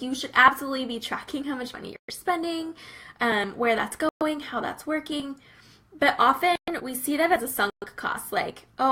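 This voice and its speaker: A young woman with a bright, forceful voice, speaking a little higher than most. She talks in an earnest, casual way about faith and running a business, sprinkling in fillers as she goes. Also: poor audio. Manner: earnest and conversational, many fillers like "um" and "like". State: briefly teary-eyed. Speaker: Christian business coach.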